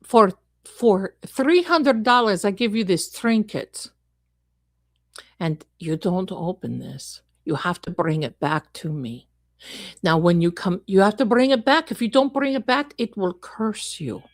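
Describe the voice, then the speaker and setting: A woman's voice: medium pitch, lively intonation, measured pace, no echo. A woman voicing a greedy woman fortune teller who runs a scam, with wheedling sales patter and broken grammar. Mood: haggling. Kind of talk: comic improvised role-play.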